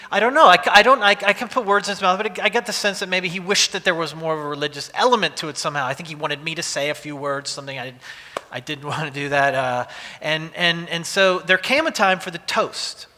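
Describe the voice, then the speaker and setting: A man's voice: a little high, bright, forceful tone. A pastor in his forties giving a conversational sermon, telling stories with frequent restarts. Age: 40s. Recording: long reverb of a large hall.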